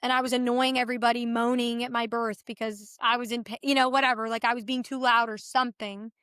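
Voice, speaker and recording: A young woman guest telling her story in a casual chat, animated and full of fillers, acting out what others said. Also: fairly high pitch, fast, clean tone, no echo, clean studio sound. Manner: animated retelling, acts out others' dialogue; filler-heavy, restarts often. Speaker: podcast guest.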